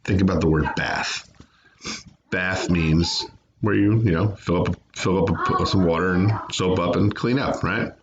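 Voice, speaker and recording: A man's voice: deep voice, measured pace, muffled recording, slight background noise. A man teaching a remote phonics lesson to children, patiently sounding out words and syllables. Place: home, away from classroom.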